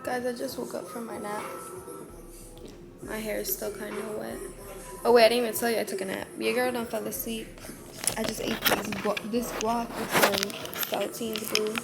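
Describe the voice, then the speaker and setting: A young woman from Florida talks loosely and slangily to her phone camera, her nose stuffed up from a cold. Her voice sits a little high. Music plays clearly behind her at home. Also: little pitch movement, moderate pace. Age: 20s. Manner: laid-back, slangy, talks straight to viewers. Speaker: vlogger. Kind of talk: casual vlog chat. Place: her apartment, indoors.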